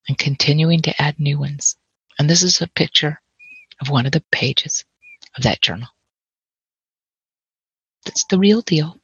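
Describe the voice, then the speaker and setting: Low gravelly woman telling a reflective story. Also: fairly bright tone, no room sound, muffled recording. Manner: reflective, wry, lyrical lists. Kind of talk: personal storytelling talk.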